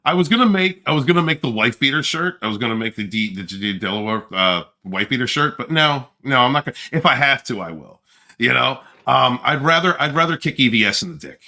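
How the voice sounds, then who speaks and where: A livestream host rambles brashly and boasts during casual chat, laughing frequently. His mid-range voice is sing-song, brisk, bright, and forceful.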